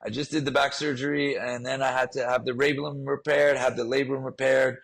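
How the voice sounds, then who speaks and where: A man's voice: mid-range voice, level tone, a little fast, creaky, low-quality recording. A man telling a personal story in a podcast interview, earnest and emotional, often repeating himself. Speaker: guest, fitness trainer.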